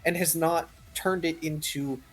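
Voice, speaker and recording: A man narrating his own character's actions in a tabletop game in a measured, dry way. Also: fairly high pitch, fairly even intonation, fairly bright tone. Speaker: player.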